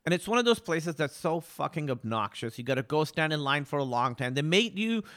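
A man chatting casually as a podcast guest. He talks in an animated, profane way, with laughing asides. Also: fairly high pitch, a little fast. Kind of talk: casual chat.

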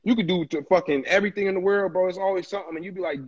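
Podcast co-host, male, high husky voice, emphatic and profane, lo-fi sound. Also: racing. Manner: animated, emphatic, swears freely. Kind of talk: casual chat.

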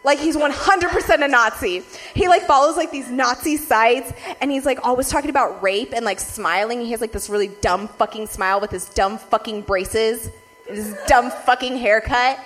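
Animated young woman ranting with laughter. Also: faint music behind. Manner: rapid, laughing, heavy "like" filler and profanity; animated swings in loudness and pitch when ranting. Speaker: vlogger. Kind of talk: casual storytelling to viewers.

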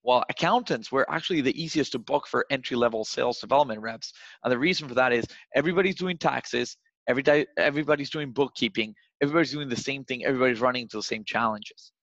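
A man's voice: mid-range voice, fast, hardly any pauses, a bit bright, no echo. Guy talking sales tips real casual, lots of "like" and "right?", recording sounds kinda dull and dry. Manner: loose and chatty, heavy on "like" and "right?". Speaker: sales coach. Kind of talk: casual advice chat.

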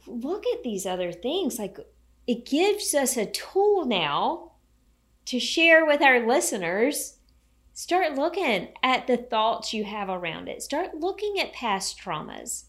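A woman's voice: fairly high pitch, sing-song, slow pace, fairly bright tone. A woman co-hosting a podcast, talking in a casual, encouraging way about health and hope. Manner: enthusiastic, encouraging, faith-tinged. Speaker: podcast co-host.

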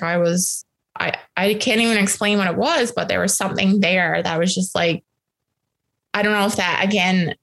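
Woman, guest, emotional, halting, personal story. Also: fairly low pitch, vocal fry, a bit bright. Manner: emotional, halting, many restarts.

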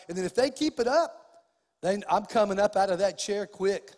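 High-voiced pastor preaching in a reverberant hall. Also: male voice, animated, normal speed, a little mellow. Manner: preaching with acted-out dialogue and rising emphasis. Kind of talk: sermon.

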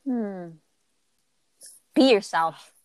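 A woman's voice: medium pitch, lively intonation, extremely slow, darkish tone, smooth. A woman guest on a podcast chatting casually, playful and enthusiastic. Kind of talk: casual interview chat.

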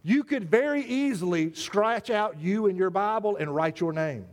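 A man's voice: high-pitched, expressive, moderate pace. A man preaching a sermon to his church, emphatic and repetitive, full of rhetorical questions. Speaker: pastor.

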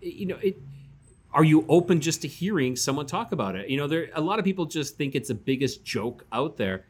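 A man's voice: a little high, big pitch swings, brisk, darkish tone, slightly rough. A man co-hosting a casual podcast chat, rambling and often restarting his sentences as he thinks aloud. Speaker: podcast co-host.

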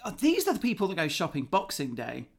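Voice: medium pitch, wildly swooping pitch, quick pace, creaky. Blunt, sweary podcast co-host. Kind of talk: casual comedic chat.

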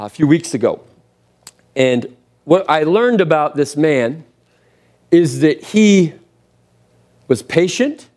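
A male pastor in his thirties preaching from the pulpit, his voice sitting slightly high. He tells stories animatedly, acting out bits of dialogue and repeating key phrases for emphasis. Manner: animated storytelling, with energetic re-enacted dialogue and repetition for emphasis. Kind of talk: sermon.

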